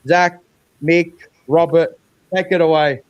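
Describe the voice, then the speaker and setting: A man's voice: fairly high pitch, fairly even intonation, slow pace, dry recording, dull audio. Blunt Australian man hosting a fan stream. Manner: blunt, profane, sarcastic banter. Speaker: fan channel host. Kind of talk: live post-game fan chat.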